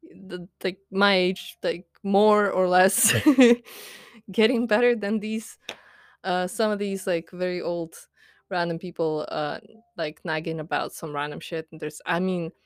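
On her podcast, a young adult woman speaks unhurriedly in a fairly low voice with fairly even intonation, captured dry at studio quality. Her casual, diary-like rant is full of fillers and rambling, and she's frank and self-deprecating, laughing often.

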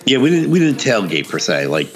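A man's voice: medium pitch, a little fast, faint music behind. A man co-hosting a casual chat, telling stories and acting out the voices of the people in them. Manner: animated storyteller, acts out quotes.

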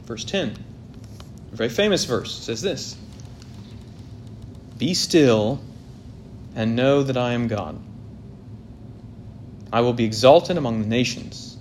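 A man preaching an expository sermon, swelling loud on key points and dropping very soft, with faint noise behind him. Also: medium pitch, expressive, slow, pauses often.

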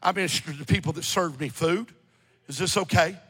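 A high-pitched man preaches with fervor, his voice bright and edged with a husky rasp. He swings between loud appeals and hushed, near-whisper passages. The sound rings with the long reverb of a large hall. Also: fairly quick. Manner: impassioned preaching, swinging from shouts to hushed tones. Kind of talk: sermon.

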